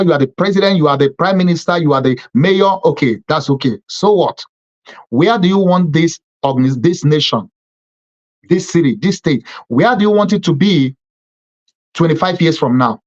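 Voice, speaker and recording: A man's voice: fairly high pitch, muffled recording. A man hosting a televised political commentary monologue, speaking emphatically and repeating phrases in lists, with frequent fillers. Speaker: TV program host.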